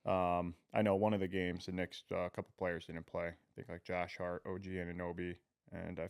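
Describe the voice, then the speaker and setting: A young man co-hosting a sports podcast, talking in a relaxed, hedging way with lots of fillers. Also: sits low, fairly quick, vocal fry, clean tone, dry recording, studio quality. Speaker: podcast co-host. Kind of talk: casual sports chat.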